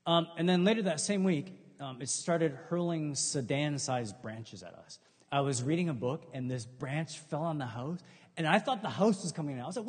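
Man, middle-aged, pastor, sermon, husky voice, casual storytelling, long hall reverb. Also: fairly high pitch, expressive, normal speed. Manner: conversational, humorous storytelling with acted quotes.

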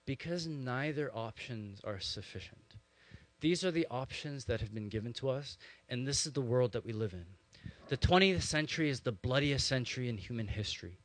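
Guy preaching a sermon, chatty and animated, dry close sound. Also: mid-range voice, no echo. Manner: animated storytelling with conversational asides. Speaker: pastor.

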